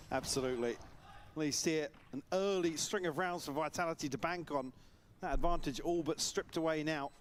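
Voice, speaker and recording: A man's voice: a little high, moderate pace, slight background noise. A man giving esports analysis commentary, breaking down the plays.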